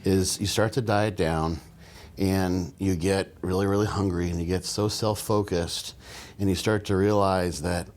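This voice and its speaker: Guy on a podcast, voice a bit low, rambly, lots of restarts and little laughs. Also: steady tone, unhurried, a little mellow. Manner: rambling, many restarts and fillers, laughs while talking. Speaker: podcast guest, bodybuilding coach. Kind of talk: casual podcast conversation.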